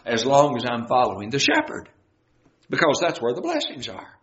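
A man's voice: medium pitch, huge pitch swings, normal speed, a bit bright. A man teaching a folksy Bible sermon, explaining scripture with homespun everyday illustrations. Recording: roomy, dull lo-fi recording.

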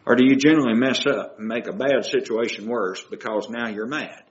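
A man's voice: medium pitch, fairly quick, reverberant, highs cut off. A man preaching a sermon, asking his listeners question after question. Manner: asks the audience many questions.

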